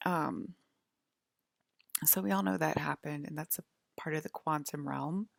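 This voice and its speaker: A woman's voice: deep voice, unhurried, vocal fry, no room sound, studio quality. A woman talking in a casual, rambling vlog monologue from her bedroom, leaning heavily on the filler "like". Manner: rambling, heavy use of filler "like". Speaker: vlogger.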